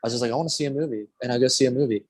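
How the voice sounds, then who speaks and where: A man's voice: medium pitch, racing. Candid swearing male tattoo artist host. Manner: candid, swears freely, acts out quoted remarks. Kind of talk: casual chat.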